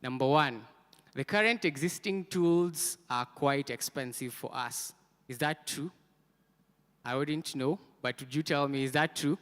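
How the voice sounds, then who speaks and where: Guy pitching a product at a conference, slow deliberate talk, crisp voice, big echoey hall. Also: a bit bright. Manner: engaging, drills the audience with call-and-response. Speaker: conference speaker presenting a product. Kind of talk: energetic conference presentation with crowd call-and-response.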